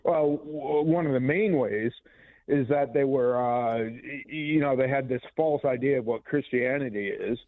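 A man calling in to a radio show, hesitant and halting as he argues his point. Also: medium pitch, no echo. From Falls Church, Virginia area. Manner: hesitant, halting, full of restarts. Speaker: caller. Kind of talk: call-in radio conversation. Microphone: telephone. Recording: tinny phone line.

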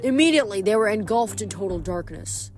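A woman reading a novel aloud as a hobby reader, with expressive, dramatic narration. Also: medium pitch, a little fast, faint music behind. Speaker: audiobook reader.

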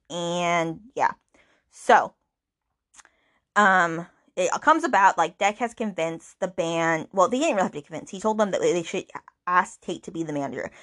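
A woman's voice: fairly low pitch, a bit bright. A woman hosting a book podcast, recapping the plot in a chatty, rambling way with fillers and acted-out quotes.

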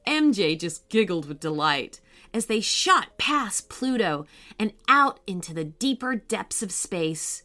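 A woman narrating a children's story in a gentle, expressive read-aloud way. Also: mid-range voice, takes it slowly.

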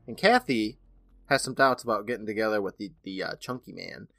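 A man's voice: on the low side, fairly quick, vocal fry, sharp tone, no echo, soft background music. A man co-hosting a podcast, casually retelling an episode scene by scene and often turning to his co-host by name.

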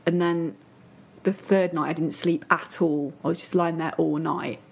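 A woman's voice: low voice, steady tone, normal speed, vocal fry, breathy edge. A northern English woman chatting as a podcast guest, telling stories with plenty of fillers and restarts. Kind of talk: casual chat.

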